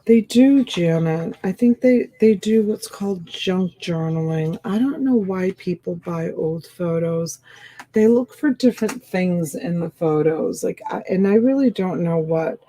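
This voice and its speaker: A woman's voice: on the low side, lively intonation, measured pace, dark tone, low-quality recording. A woman hosting a live-stream sale, chatting casually and rambling as she comments, sleepy and yawning.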